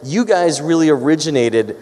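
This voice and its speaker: A man's voice: fairly high pitch, expressive, moderate pace, warm tone. A man moderating a panel interview, eager in his questions and stumbling over repeated words. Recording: hall reverb.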